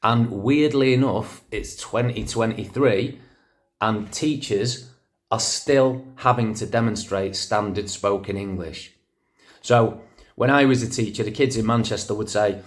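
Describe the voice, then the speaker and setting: A man's voice: lowish voice, measured pace. A man in his forties, a poet and former teacher, giving an earnest, encouraging poetry workshop talk to children. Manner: earnest, encouraging, speaks straight to young listeners.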